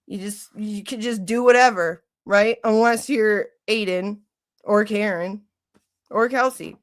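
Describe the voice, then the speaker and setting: A woman's voice: medium pitch, unhurried. A woman from Michigan hosting a livestream, chatting casually and ranting with lots of "like" and swearing. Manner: animated, ranting, heavy use of "like", swearing. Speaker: livestream host.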